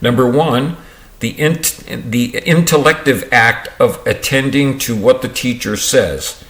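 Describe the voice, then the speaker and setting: Slow, unpolished male reader in an echoey room. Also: medium pitch, a bit bright. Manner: unpolished, restarts misread words and comments. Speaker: reader of a book on dyslexia. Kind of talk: reading aloud with asides.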